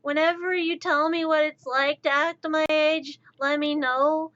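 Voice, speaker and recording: A woman's voice: high voice, little pitch movement, measured pace, fairly bright tone, dull audio. A woman in her thirties ranting exasperatedly during a casual livestream chat, her voice slightly altered after intubation. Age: 30s. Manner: exasperated, rambling rant. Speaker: streamer.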